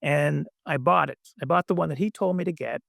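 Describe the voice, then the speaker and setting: Meditation teacher, male, gravelly voice, gentle halting delivery, dry close sound. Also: a little high, dry recording. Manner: gentle, halting, many fillers. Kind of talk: dharma talk.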